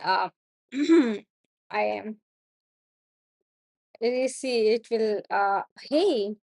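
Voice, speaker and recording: A young woman with an Indian accent reading the news aloud on a study stream, halting and stumbling over hard words and names. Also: fairly high pitch, vocal fry, dark tone, dry recording, clean studio sound. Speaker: student streamer.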